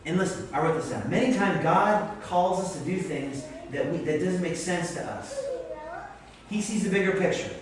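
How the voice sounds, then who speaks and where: A man's voice: sits high, normal speed. Man preaching in an echoey church. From Vermont, USA. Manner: animated, self-deprecating storytelling. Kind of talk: sermon. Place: church sanctuary. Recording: echoey church hall, distant mic.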